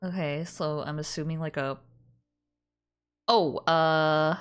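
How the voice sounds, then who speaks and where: A woman's voice: deep voice, fairly even intonation, takes it slowly, clean tone, faint music behind. A woman streamer chatting casually and exclaiming in disbelief as she reacts.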